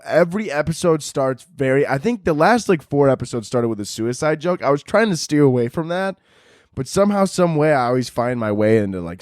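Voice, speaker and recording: A man hosting a solo comedy podcast, ranting with lots of swearing and laughter, and jumping between high mock voices and low mutters. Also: no echo, studio quality. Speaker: podcast host.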